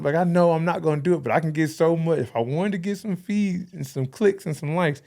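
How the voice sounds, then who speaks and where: Brief: man, 30s, interview guest, quick delivery, animated storyteller who voices the people in his stories. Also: a little high. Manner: animated storyteller acting out quoted dialogue. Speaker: podcast guest. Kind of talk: casual interview chat.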